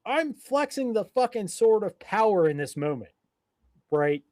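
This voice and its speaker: A man co-hosting a live podcast, telling a story in an emphatic, profane, animated way. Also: sits high, measured pace, dry recording. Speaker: podcast co-host. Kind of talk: casual storytelling.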